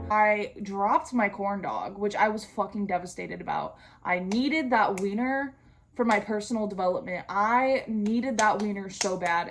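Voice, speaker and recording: A young adult woman vlogging, chatting casually through a storytime while she does her skincare, slangy and profane with comic asides. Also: mid-range voice.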